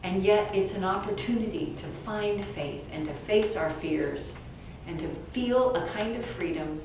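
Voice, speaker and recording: A woman with a mid-range voice talks at a measured pace, a guest author at a live event telling comic stories. She's animated, slipping into acted-out dialogue. The recording is echoey, the mic distant, with faint background noise.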